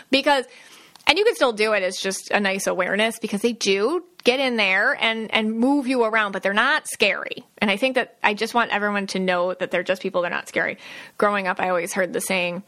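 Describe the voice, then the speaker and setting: Bright-voiced chatty woman podcaster. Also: mid-range voice, brisk. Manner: chatty, lots of fillers and quoted asides. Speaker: podcast host, psychic medium. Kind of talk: casual solo podcast talk.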